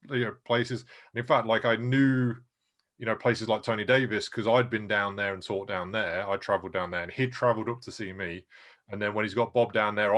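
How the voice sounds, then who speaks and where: A man who teaches martial arts, speaking in a relaxed, measured way in casual chat. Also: on the low side.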